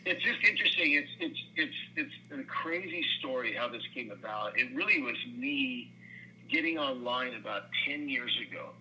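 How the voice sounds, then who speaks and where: A man in his sixties, a company co-founder telling his story in a casual interview, animated and rambling, with lots of restarts. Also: medium pitch, moderate pace, a little hiss or hum, poor audio. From United States. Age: 60s.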